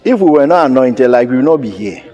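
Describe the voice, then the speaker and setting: A pastor, preaching a sermon with emphatic repetition. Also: male voice, medium pitch, animated, fast talker, mellow, big-room sound, lo-fi sound, faint music behind. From Ghana. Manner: emphatic, repeats key phrases.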